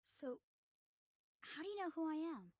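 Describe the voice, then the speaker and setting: A woman's voice: sits high, sing-song, unhurried, a little mellow, no room sound. A woman voicing a timid young boy in a video game who keeps asking confused questions. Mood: puzzled.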